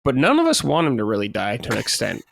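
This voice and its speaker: A man's voice: mid-range voice, huge pitch swings, fast talker, creaky, a bit bright, dry recording. A young man co-hosting a podcast, joking around loosely in casual chat and swearing now and then. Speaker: podcast co-host.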